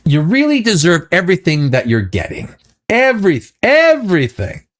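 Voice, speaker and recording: Animated, profane, rambling male host. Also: high-pitched, moderate pace. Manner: rambling, stammering restarts, profane ranting. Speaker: show host. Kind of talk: casual pop-culture commentary.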